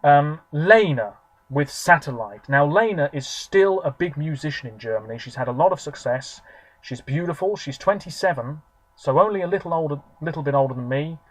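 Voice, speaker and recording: A man's voice: fairly high pitch, expressive, moderate pace, no echo, poor audio. A man in his twenties, rambling chattily with lots of fillers as he reviews something on camera. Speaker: video reviewer. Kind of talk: casual solo review monologue.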